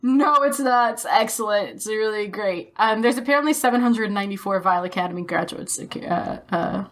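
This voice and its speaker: A woman from Texas co-hosting a podcast in casual chat, enthusiastic and casually profane. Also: mid-range voice. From Texas, USA. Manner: enthusiastic, swears casually, quick bursts. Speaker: podcast co-host.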